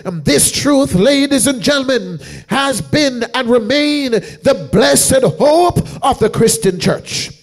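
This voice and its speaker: A male evangelist preaching a revival sermon in a church, calling out to the congregation again and again and building from hushed passages to shouted, half-sung peaks. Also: very high voice, expressive, slow pace, hardly any pauses, soft background music. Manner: rhythmic preaching with repeated call-outs to the congregation; swings from hushed storytelling to shouted, sung-out climaxes.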